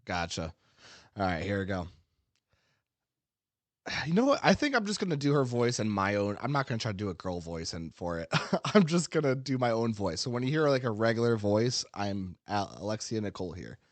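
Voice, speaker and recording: Low-ish guy podcast host, rambly casual chat, dry sound. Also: big pitch swings, moderate pace, no echo. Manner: rambling, many fillers and restarts, laughs easily.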